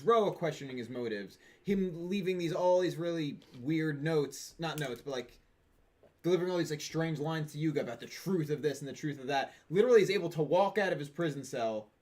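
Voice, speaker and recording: A man co-hosting a casual podcast, rambling with many fillers. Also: on the high side. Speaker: podcast co-host.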